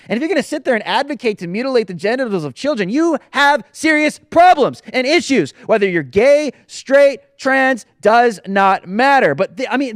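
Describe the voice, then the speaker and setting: A man's voice: very high voice, no echo, clean studio sound. A man hosting a political commentary show, talking in an indignant, sarcastic, emphatic way. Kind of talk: opinionated commentary.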